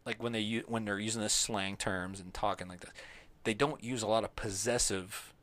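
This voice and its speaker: A man's voice: lowish voice, steady tone, normal speed, fairly bright tone. A man co-hosting a podcast in casual chat, rambling and leaning on "like" fillers. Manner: rambling, heavy use of "like" fillers. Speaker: podcast co-host.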